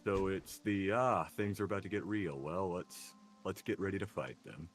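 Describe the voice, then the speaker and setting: Deep-voiced wry man chatting. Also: normal speed, faint music behind. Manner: wry, deadpan joking. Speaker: co-host of a game let's play. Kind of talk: casual gameplay chat.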